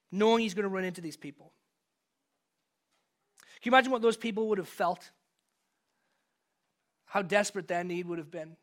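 A man's voice: high voice, a bit bright. A man preaching a sermon, reading scripture and telling a personal story in a conversational way that rises to emphatic moments. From from outside the US. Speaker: pastor.

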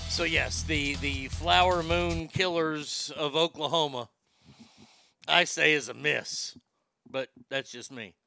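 A man's voice: a little high, slow, gravelly, sharp tone, no room sound, soft background music. A man hosting a call-in show, talking bluntly with plenty of swearing and strong opinions. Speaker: radio show host. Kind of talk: casual call-in chat.

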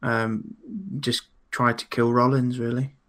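A man's voice: mid-range voice, level tone, a little slow, a bit bright. Giggly man recapping on a podcast. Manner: giggly, laughs often while recapping. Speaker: podcast co-host. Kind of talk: casual chat.

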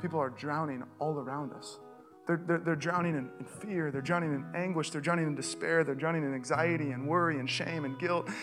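A male pastor with a Californian accent preaching a sermon, telling a personal story in a casual, animated way that builds to urgent calls. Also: on the high side, fairly quick, music in the background. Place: church stage.

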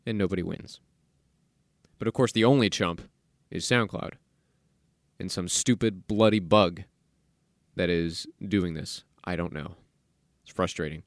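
A man's voice: lowish voice, no echo. A man hosting a solo podcast in a studio, talking casually and sarcastically, ranting and mock-quoting people. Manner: animated, sarcastic, rants and mock-quotes people. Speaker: podcast host. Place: recording studio.

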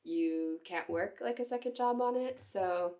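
A woman's voice: mid-range voice, a little slow, mellow. A young woman in her twenties from the United States, chatting as a podcast guest, gushing and filling her talk with "like". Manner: chatty, gushing, lots of "like" and laughs. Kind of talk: casual chat.

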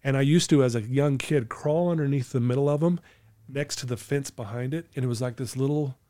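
A middle-aged man recounts his life story with open, earnest candor, sometimes choked with emotion. His tone is mellow and warm, recorded close in a dry, dead space. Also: medium pitch, a little fast, no room sound. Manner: earnest, candid, storytelling with quoted inner thoughts. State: emotional, clearing his throat. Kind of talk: emotional personal testimony.

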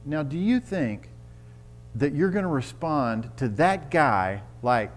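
A man preaching a sermon on marriage, telling vivid stories and building to loud, emphatic exhortation. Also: on the high side, animated, takes it slowly. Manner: storytelling with acted-out quotes, rising to loud emphatic preaching.

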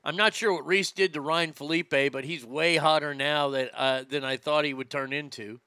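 A man hosting a comedy show, ranting loudly and profanely and mocking celebrities. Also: fairly high pitch, fairly even intonation, normal speed, clear, resonant tone, no room sound. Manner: loud, profane, mocking, laughs at own jokes. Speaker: comedy podcast host. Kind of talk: crude comedic rant.

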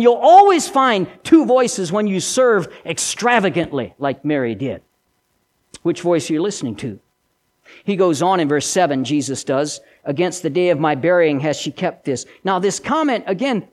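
Emphatic high-voiced male preacher. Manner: emphatic, repeats key lines, swings loud and soft. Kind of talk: sermon.

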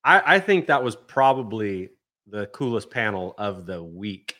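Low bright-toned male podcast co-host. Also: very animated, unhurried. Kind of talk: casual chat.

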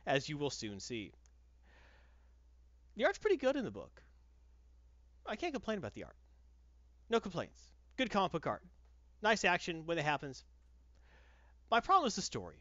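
A man's voice: on the high side, fairly bright tone, dry recording. Sarcastic man ranting, dull lo-fi sound. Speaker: comic book reviewer. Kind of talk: casual podcast chat.

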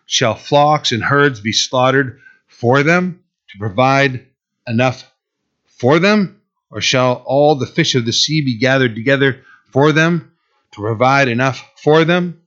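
A man's voice: mid-range voice, a bit bright. A man preaching a sermon in a conversational way, with sarcastic asides to the congregation. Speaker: pastor. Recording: muffled lo-fi recording.

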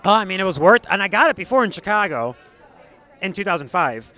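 A man's voice: high-pitched, sing-song, fast talker, pushed and bright, a faint crowd. A man chatting casually as a guest, effusive and playful as he gushes about the show. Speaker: guest fan. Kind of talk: casual chat.

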